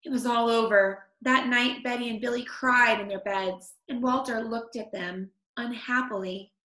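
A woman reading a picture book aloud to children, expressive, stopping to comment on the story. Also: fairly high pitch, normal speed. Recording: echoey room.

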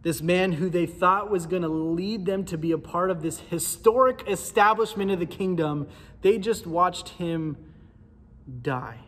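A man preaching a sermon in a church, with a casual, animated storytelling manner. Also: high voice, big-room sound. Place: church sanctuary.

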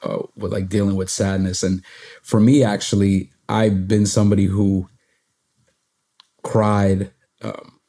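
A young man in a podcast conversation with a deep, mellow voice. He shares personal experiences hesitantly, pausing and restarting often. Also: flat delivery. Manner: hesitant, many fillers and restarts. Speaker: podcast host. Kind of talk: reflective conversational sharing.

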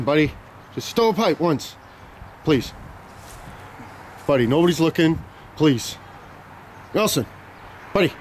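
A young man vlogging outdoors on a handheld camera, rambling and joking loudly with plenty of slang and swearing. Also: on the high side, slight background noise. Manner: loud, profane, joking banter with lots of slang. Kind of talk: casual rambling vlog chat.

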